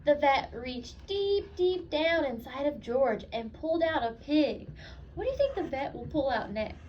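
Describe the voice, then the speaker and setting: A woman teacher reading picture books aloud to a child in an animated, encouraging way, asking questions as she goes. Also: high voice, unhurried. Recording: slightly dull, faintly noisy recording.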